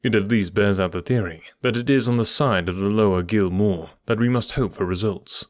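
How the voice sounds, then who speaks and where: A man voicing a calm male detective who explains his reasoning step by step. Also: fairly low pitch, no echo, studio quality, natural voice. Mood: resolute. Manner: measured, methodical explaining.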